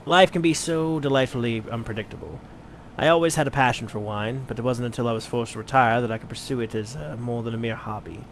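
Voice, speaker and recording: Brief: a man doing a blind old wine merchant, courteous, measured, mid-pitched, faint noise. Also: lightly acted. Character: blind retired mercenary turned wine merchant, genteel. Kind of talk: let's play voice acting.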